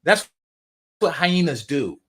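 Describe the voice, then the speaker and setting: A man hosting a commentary channel, originally from the San Francisco Bay Area, talks in a slightly high, sing-song voice that's slow and a bit bright. He keeps things casual and profane, mocking and repeating phrases for effect.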